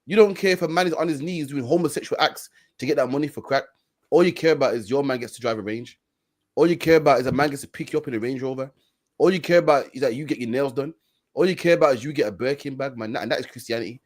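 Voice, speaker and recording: A man's voice: mid-range voice, quick pace. A man preaching on a stream, repeating himself for emphasis and ending phrases with "man.". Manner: preachy, repeats "man" and "all you care about". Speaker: street preacher co-host. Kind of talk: stream discussion.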